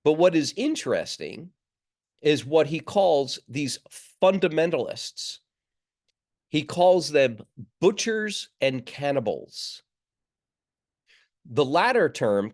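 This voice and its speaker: A man giving an online seminary lecture from his notes, measured, with fillers and restarts, on a computer mic. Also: mid-range voice. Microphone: computer mic on a video call.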